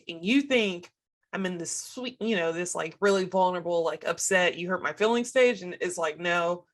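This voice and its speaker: A woman co-hosting a podcast in casual chat, reflective and gently self-deprecating. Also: on the low side. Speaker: podcast co-host.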